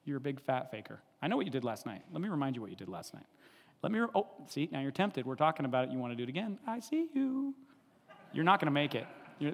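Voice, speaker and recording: A sneering, relentless spirit of accusation, needling and mocking in quick jabs, as a preacher puts him on. The male voice sits at a middle pitch and rings out into a long church reverb.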